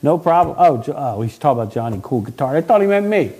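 Male podcast host, slightly high pitch, loose jokey delivery. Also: very animated, quick pace, warm tone, slightly rough. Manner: jokey, reads out viewer comments. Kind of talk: casual joking chat.

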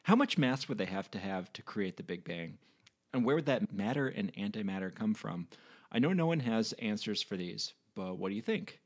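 Podcast host with a lively, animated voice; curious, questioning and encouraging. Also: mid-range voice, moderate pace. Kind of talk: casual chat.

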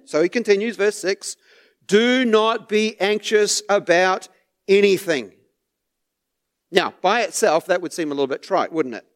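A man preaching a sermon to his church, unhurried, with small laughs and repeated words. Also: sits high. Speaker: pastor.

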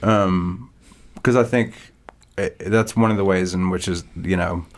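Laid-back low-voiced man co-hosting. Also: steady tone, measured pace. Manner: laid-back, jokey, rambling storyteller. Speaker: podcast co-host. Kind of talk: casual chat.

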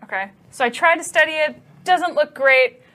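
Bright, curious woman player. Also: high voice, normal speed. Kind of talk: casual tabletop play.

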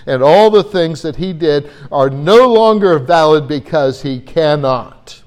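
A man's voice: a little high, lively intonation, a little slow, few pauses, darkish tone. A man preaching a Bible-teaching sermon in an earnest way, often repeating words as he gathers his thoughts.

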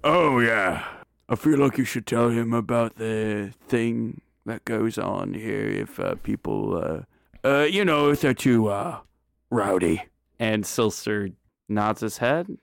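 A man narrating a tabletop game as game master in a relaxed, halting way with many fillers. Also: medium pitch, creaky, no room sound, studio quality.

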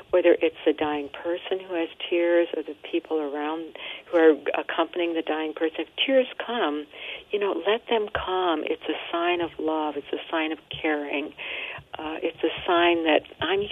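A woman, a nun and hospice worker, speaking as a guest in an interview about grief and dying, gently and reflectively, often repeating words as she thinks. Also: deep voice, normal speed, slightly rough. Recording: tinny phone line.

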